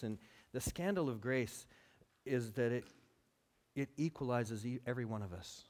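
A pastor preaching a sermon, acting out quotes and building to near shouts. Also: male voice, medium pitch, normal speed. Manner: animated, acts out quotes, rises to near shouting.

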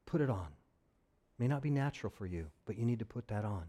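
A man's voice: fairly low pitch, animated, normal speed, pauses often, dark tone. A man preaching a conversational sermon as pastor, with joking asides to his congregation.

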